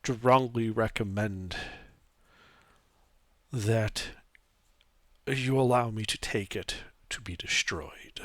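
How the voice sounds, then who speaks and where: A nervous scholar, as a man plays him, speaking softly, slowly and with a shake in his voice. His tone is bright and grave. He sounds close and dry. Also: on the low side, no room sound. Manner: shaky, grave, slow warning. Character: nervous male scholar wary of a cursed staff.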